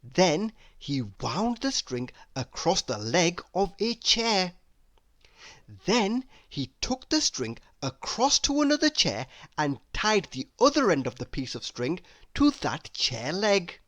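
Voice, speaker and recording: Slow, lively woman reading a storybook. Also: lowish voice, no echo. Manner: slow, expressive, asks the listener questions. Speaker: storybook reader. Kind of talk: children's storybook read-aloud.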